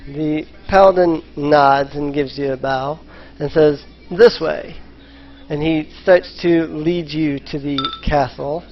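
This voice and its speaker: A man's voice: fairly high pitch, fairly even intonation, a little slow, few pauses. A man narrating as game master of a tabletop game, hesitant and full of ums. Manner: hesitant, lots of ums and restarts. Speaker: dungeon master. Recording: slightly muffled voice chat.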